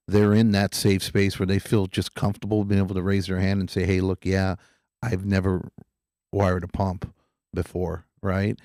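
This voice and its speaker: A man's voice: on the low side, warm tone, no room sound, clean studio sound. A man co-hosting a podcast, talking earnestly in a casual way, often repeating himself.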